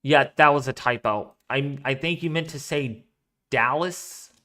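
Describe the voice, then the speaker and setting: A man's voice: medium pitch, a little slow, sharp tone. A man hosting a weather live stream, chatting casually and rambling as he thinks aloud while reading out viewer donations. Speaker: weather livestream host.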